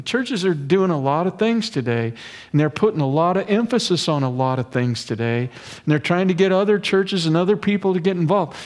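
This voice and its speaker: Earnest preaching man, slightly high voice. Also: a little mellow. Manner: earnest, conversational preaching with folksy asides. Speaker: pastor. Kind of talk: expository sermon.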